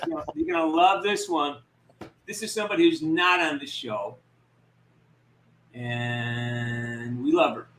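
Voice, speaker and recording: Brash guy hosting a live panel, high voice, echoey room, crowd behind. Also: fairly even intonation, a little slow, pauses often, fairly bright tone. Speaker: host.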